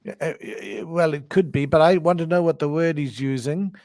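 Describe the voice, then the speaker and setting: A man's voice: fairly high pitch, brisk, darkish tone. A man hosting a casual call-in chat, speaking in a hesitant, stop-start way. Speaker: host.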